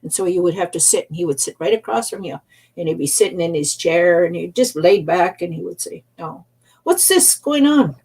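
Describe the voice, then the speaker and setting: An older woman, an elder storyteller, teaching gently in a soft, unhurried way and repeating phrases for emphasis. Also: on the low side, fairly even intonation, husky, poor audio.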